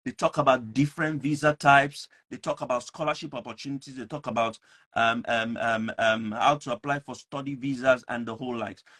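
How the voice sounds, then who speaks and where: A man's voice: medium pitch, steady tone, fairly quick, a bit bright. A man hosting an online talk show, speaking earnestly and emphatically, often repeating himself. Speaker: host.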